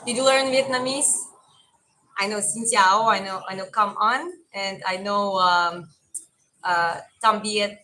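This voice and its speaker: A woman's voice: medium pitch, unhurried, pushed and bright, slight background noise, poor audio. Chatty woman with a mild Eastern European accent. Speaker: livestream host and boxing coach. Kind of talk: casual chat reading viewer comments.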